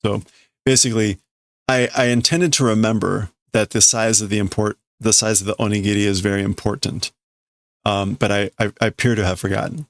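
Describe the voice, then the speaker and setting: A man's voice: fairly low pitch, fairly even intonation, a little fast, no room sound, clean studio sound. A man streaming himself reading a comic aloud and translating as he goes, hesitant and self-correcting. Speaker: streamer learning Japanese.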